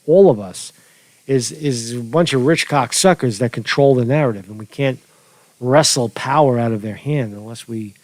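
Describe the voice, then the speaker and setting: Broadcasting informal news commentary from a home studio, this New Yorker rambles through his livestream, restarting often and using lots of fillers. He speaks at normal speed in a mid-range voice, with no echo.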